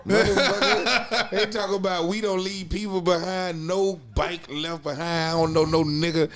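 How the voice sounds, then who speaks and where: A man's voice: high voice, normal speed. A man recounting a late-night phone call in casual group banter, swearing and indignant. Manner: excited, profane, indignant storyteller.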